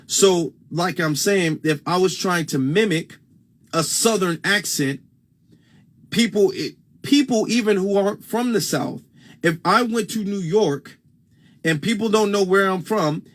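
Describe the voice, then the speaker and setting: A man's voice: high voice, a little slow. Emphatic Midwestern man on a livestream. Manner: emphatic, repeats points for stress. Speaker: livestream host. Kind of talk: casual livestream commentary. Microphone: phone.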